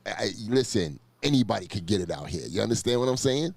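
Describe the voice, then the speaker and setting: A man with a very deep, low voice hosts a relaxed sit-down interview. He talks emphatically, circling back over his phrases to drive a point home. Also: quick pace, vocal fry, no echo. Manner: emphatic, repeats himself for stress. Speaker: interview host.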